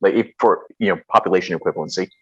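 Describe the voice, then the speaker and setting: A man's voice: low voice, very fast, slightly rough, muffled recording. An American man, a soccer commentator, asking a hesitant question with many ums over a video call. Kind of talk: question in an online Q&A.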